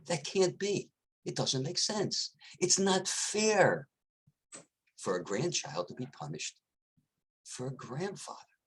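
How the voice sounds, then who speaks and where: A man's voice: medium pitch, huge pitch swings, a little slow, pauses often, fairly bright tone, a little hiss or hum. A man voicing a hungry, wary male lion in a spoken parable, nervous and indignant in turn.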